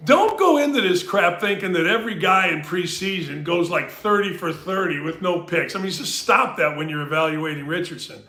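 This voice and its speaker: Sports podcast host, male, bright voice, slightly high, animated and jokey, echoey room. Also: normal speed, hardly any pauses. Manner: animated, jokey, addresses listeners. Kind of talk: casual sports talk.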